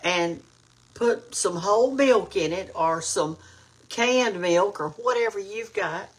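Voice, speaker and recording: A woman's voice: mid-range voice, animated, takes it slowly, husky. An older woman with a Southern Alabama accent, hosting a casual cooking livestream, chatting with viewers by name and saying y'all. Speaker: cooking show host. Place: home kitchen.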